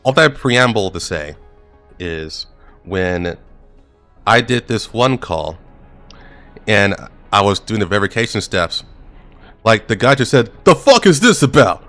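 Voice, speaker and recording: A man's voice: on the low side, lively intonation, slow pace, long pauses, bright, forceful tone, faint music behind. A gaming streamer casually telling a work anecdote, laid-back and chuckling as he goes.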